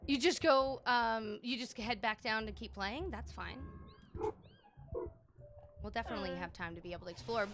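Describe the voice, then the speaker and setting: A woman's voice: on the high side, normal speed, pauses often. A woman live-streaming a game, chatting playfully and greeting viewers as she plays. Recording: noisy background.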